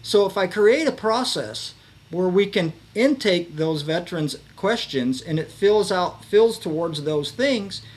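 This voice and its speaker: Chatty man with a slightly high voice. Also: lively intonation, a little slow. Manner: rambling, many fillers and restarts. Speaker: podcast guest, veterans advocate. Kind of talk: casual conversational storytelling.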